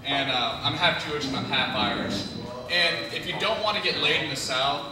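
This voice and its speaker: A man's voice: on the high side, normal speed, heavy background noise. A young man from Tennessee doing a nervous first-time stand-up set, rambling with lots of "you know" fillers. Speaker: stand-up comedian. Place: comedy club stage. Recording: echoey room from far off, crowd audible. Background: audience laughing.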